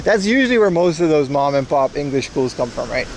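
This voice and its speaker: Brisk and very animated, a young man with a fairly high voice livestreams while walking outdoors through town. He chats casually with his viewers, joking, wry, and rambling as he goes.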